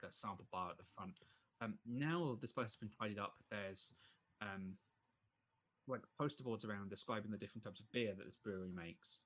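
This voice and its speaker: A man's voice: lowish voice, fairly bright tone. A man narrating as game master of a tabletop game, rambling with many fillers.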